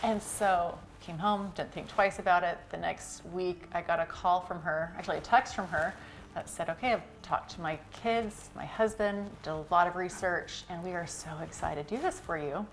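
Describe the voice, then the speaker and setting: Low-voiced woman retelling a family story. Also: moderate pace, slight background noise. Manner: conversational, acting out quoted dialogue. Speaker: company co-founder interviewed with her husband. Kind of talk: emotional personal storytelling.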